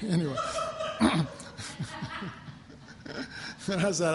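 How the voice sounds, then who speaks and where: A man preaching a folksy sermon, moving between loud declarations and hushed, quiet passages. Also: a little high, drawn-out words, creaky, long pauses, big-room sound, noisy background. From Texas. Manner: folksy, self-deprecating, swings from loud to hushed.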